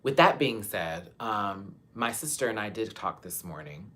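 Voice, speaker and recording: A young man from Texas, hosting a live chat and talking frankly to his viewers, his voice swinging between soft and loud. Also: on the low side, animated, measured pace. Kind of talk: candid live-stream talk to viewers.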